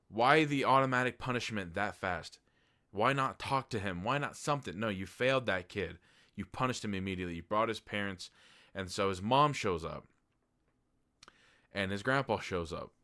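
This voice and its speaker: A man's voice: mid-range voice, fairly bright tone. A man giving a casual spoken TV review in a blunt, heated way, swearing freely. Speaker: TV show reviewer.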